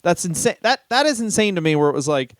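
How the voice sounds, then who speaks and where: A man's voice: high voice, big pitch swings, fast, no room sound, clean studio sound. A man co-hosting a podcast in casual comedic chat, crude and profane as he riffs jokes. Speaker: podcast co-host.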